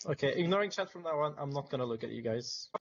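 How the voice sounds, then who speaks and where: A man's voice: fairly high pitch, expressive, fast talker. A man playing in an online tabletop game while streaming, joking and swearing freely as he talks to his chat. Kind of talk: casual online tabletop session. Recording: muffled lo-fi voice chat.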